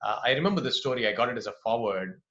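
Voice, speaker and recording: A man's voice: medium pitch, lively intonation, rapid-fire, fairly bright tone. A man moderates a webinar panel over a video call, talking conversationally and tagging his points with "right?". The call audio is roomy and somewhat dull. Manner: conversational, many fillers and "right?" tags. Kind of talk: panel discussion, storytelling.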